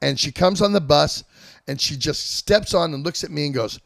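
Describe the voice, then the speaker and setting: A gravelly man in his fifties with a fairly high voice, swapping wild road stories with plenty of swearing. He sounds dry and close to the mic, with no room around him. The talk is loose, animated and casual. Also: fairly quick, no echo. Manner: profane, animated storyteller. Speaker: host. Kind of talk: casual chat, storytelling.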